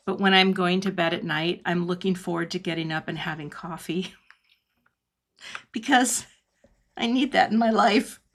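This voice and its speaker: Middle-aged woman demoing cards live, chatty, laughs a lot, goes quiet when she focuses. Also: fairly low pitch, measured pace, long pauses. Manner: chatty, laughs often, drops to a whisper when concentrating. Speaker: cardmaking instructor. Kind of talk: live online craft demonstration.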